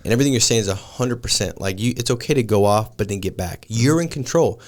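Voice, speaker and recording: Brief: male podcast host, 30s, lowish voice, easygoing dude-speak. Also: animated, fast. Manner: laid-back, says dude and man a lot. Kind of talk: casual podcast chat.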